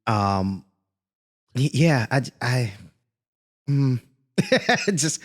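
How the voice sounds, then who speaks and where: A man's voice: mid-range voice, very animated, very slow. A man co-hosting a podcast in casual chat, laughing easily and dropping joking asides. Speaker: podcast co-host.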